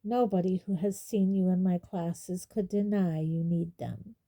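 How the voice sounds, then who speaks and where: A woman voicing a cold, sneering male wizard teacher who speaks in a quietly waspish, silky way. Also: on the low side, measured pace.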